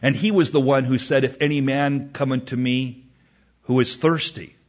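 A man preaching a sermon, reading scripture slowly with emphasis and acting out a back-and-forth exchange. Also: mid-range voice, fairly even intonation. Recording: dull lo-fi recording.

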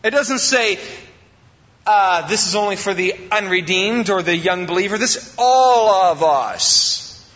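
High-voiced, bright male preacher in a hall. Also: animated, unhurried. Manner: preaching with sudden rises in pitch, acting out quoted excuses. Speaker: pastor. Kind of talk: sermon. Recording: dull sound with long hall reverb.

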